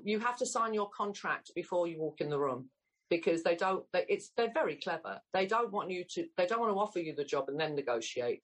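English actress, around 60, husky low voice, candid and blunt storyteller. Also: female voice, fairly bright tone, rough recording. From England. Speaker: guest actress. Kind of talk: casual interview chat.

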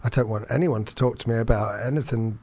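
A young adult man from England telling a long, self-deprecating anecdote in casual chat, halting often with fillers and restarts. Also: medium pitch, mellow. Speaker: podcast guest storyteller.

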